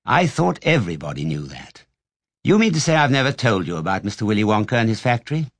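A man voicing an old bedridden grandfather, hushed. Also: big pitch swings, fast, no room sound. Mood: marveling. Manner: low, hushed and confiding. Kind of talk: audiobook reading.

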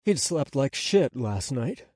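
A man narrating an audiobook in a measured, unhurried storytelling manner on a close studio mic. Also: mid-range voice, sing-song, darkish tone, husky, dry recording. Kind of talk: scripted narration.

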